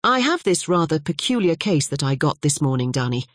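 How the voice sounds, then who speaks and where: Narrator doing a male lawyer, bantering and brisk, close to his own voice. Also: mid-range voice, very animated, a bit bright, no echo.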